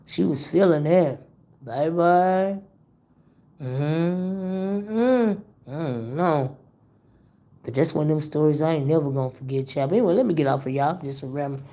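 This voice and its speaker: A woman hosting a casual gossip livestream, chatting to her viewers, laughing often and drawing out her exclamations, her voice still worn from being sick. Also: deep voice. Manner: animated, laughing, drawn-out exclamations. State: voice worn from illness. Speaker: livestream host reading chat.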